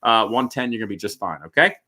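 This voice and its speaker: A man's voice: lowish voice, lively intonation, fast talker, pushed and bright. A man hosting a live stream, reading and answering viewer questions in a blunt, joking way, laughing often and dropping into muttered asides. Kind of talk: casual live-stream chat.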